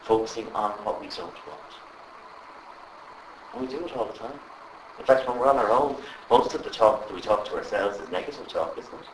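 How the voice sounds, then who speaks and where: A man leading a live workshop, animated and constantly asking the group questions. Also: fairly low pitch, fairly quick, recorded from a distance, a little hiss or hum. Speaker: trainer. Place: training room with live audience. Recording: echoey room with faint ambience.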